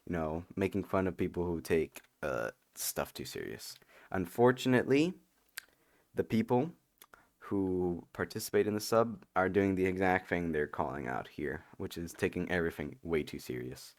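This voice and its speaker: A man's voice: low voice, expressive, normal speed, no echo, studio quality. A man hosting a casual reaction commentary, rambling and sarcastic, with lots of "like" and "you know". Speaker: commentary host.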